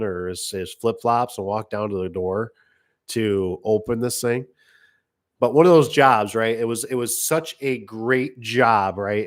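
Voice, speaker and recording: Middle-aged tradesman, casual rambling anecdotes, everyday voice, fits a business owner's vlog. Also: lowish voice. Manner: rambling, acts out customer voices. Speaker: garage door business owner. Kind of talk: casual storytelling monologue.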